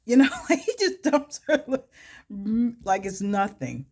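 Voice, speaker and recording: A woman's voice: a little high, big pitch swings, unhurried. A woman beauty vlogger telling a story while doing her makeup, chatty, laughing often and gushing over the results. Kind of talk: storytelling during a makeup tutorial.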